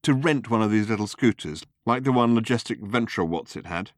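Reader as a patient ordinary male traveller, low and plain. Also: animated, a little fast, no echo, studio quality, close to an everyday voice.

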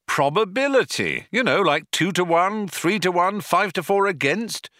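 A man voicing a brisk, knowing man who explains things in an emphatic, hurried way. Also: sits high, sharp tone, no room sound, studio quality, pitched above the performer's own voice. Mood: explaining.

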